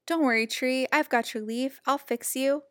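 Young fox cub, earnest, eager, higher voice, dry sound, woman doing the voice. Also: steady tone, normal speed, fairly bright tone, dry recording.

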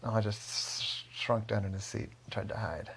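A man with a gravelly voice telling a story casually, rambling with fillers. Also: lowish voice, fairly even intonation, normal speed, a bit bright, slight background noise.

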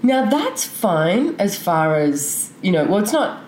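A woman's voice: mid-range voice, sing-song, slow, a little mellow. A woman, a podcast guest talking openly and frankly, rambling with lots of fillers. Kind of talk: candid conversational interview. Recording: echoey room with faint noise.

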